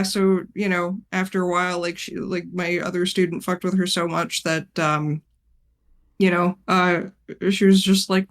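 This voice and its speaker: A woman's voice: lowish voice, flat delivery, a little slow. A woman teacher chatting casually on a game stream, telling a rambling story, swearing freely and laughing often. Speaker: art teacher and tabletop game player.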